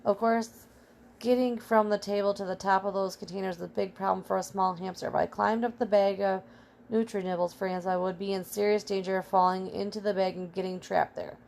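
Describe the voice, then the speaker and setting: A woman's voice: medium pitch, brisk, gravelly, a little hiss or hum, natural voice. A woman reading as a small brave male pet hamster, telling his adventure in first person. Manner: earnest, excitable first-person storytelling.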